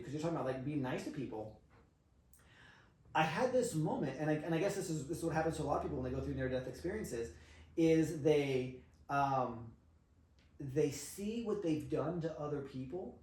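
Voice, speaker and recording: A man with a fairly high voice tells a long personal story in lively, casual podcast talk, swearing freely as he goes. He sounds set back from the microphone, and the room around him rings noticeably. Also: brisk. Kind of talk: casual conversation. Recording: roomy, distant mic.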